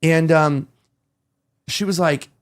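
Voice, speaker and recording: A man's voice: fairly high pitch, fairly even intonation, slow. A male podcast host in casual chat, rambling as he tells stories and acts out quoted dialogue.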